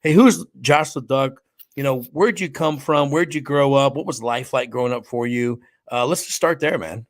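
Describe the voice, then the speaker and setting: A man's voice: mid-range voice, normal speed. Male podcast host, friendly, chatty, says dude a lot, casual interview.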